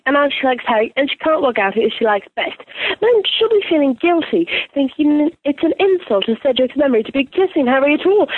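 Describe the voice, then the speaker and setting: A woman's voice: high-pitched, no room sound. A woman voicing an analytical teenage schoolgirl witch, explaining feelings in a fretful rush. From Missouri, USA. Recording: tinny phone-like, dry.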